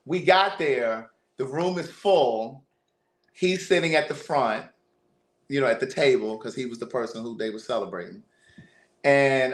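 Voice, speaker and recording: A man hosting a livestream, telling a family story in a casual, animated way, often repeating words. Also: medium pitch. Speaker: livestream host. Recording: roomy echo.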